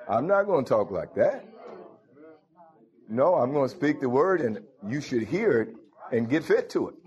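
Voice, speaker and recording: A man's voice: mid-range voice, sing-song, normal speed, a little mellow, lo-fi sound. A man preaching a sermon, quoting scripture and breaking in with exclamations of praise.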